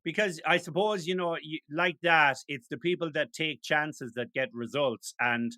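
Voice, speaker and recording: Bright-voiced male podcast host, dry sound. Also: a little high, moderate pace, no echo. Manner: encouraging, lots of agreeing fillers. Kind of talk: casual interview chat.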